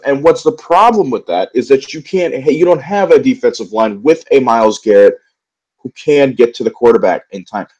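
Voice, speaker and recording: A man's voice: medium pitch, animated, brisk, darkish tone, muffled recording. A young man in a solo football recap vlog, frustrated and profane, rambling with many fillers and restarts. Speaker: sports vlogger. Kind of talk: angry solo football rant.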